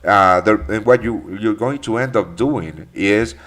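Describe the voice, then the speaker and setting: A man's voice: on the low side, unhurried, fairly bright tone. A man hosting a live trading session, explaining charts and answering viewers with many fillers and restarts. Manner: rambling, lots of fillers and restarts, calls viewers mate. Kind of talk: live market commentary and Q&A.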